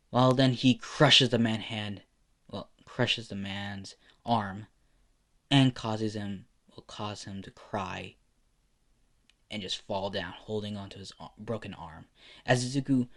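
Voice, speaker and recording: A man tells an improvised fan story. He rambles, restarts sentences and fixes his words as he goes. It is an unpolished, spur-of-the-moment narration. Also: on the low side.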